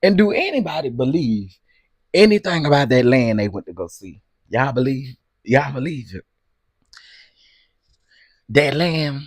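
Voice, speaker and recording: A man hosting a casual live stream, chatty and quick to laugh, talking straight to his viewers. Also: mid-range voice, expressive, slightly rough, no echo, studio quality.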